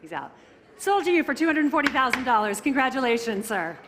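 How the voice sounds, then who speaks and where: A woman working as an auctioneer, calling bids briskly and teasing the bidders in a live auction room. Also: high voice, sing-song, noisy background.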